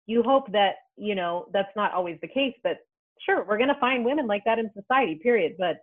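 A woman in casual reality-TV chat, measured and agreeable, hedging her opinions. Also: mid-range voice, expressive. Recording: tinny phone-like line.

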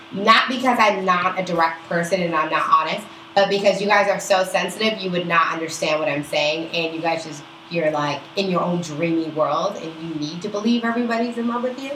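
A woman's voice: medium pitch, bright, forceful tone, slight background noise. A woman co-hosting a podcast, chatting casually and bluntly about astrology and swearing freely. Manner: blunt, profane, emphatic. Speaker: podcast co-host. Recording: roomy echo.

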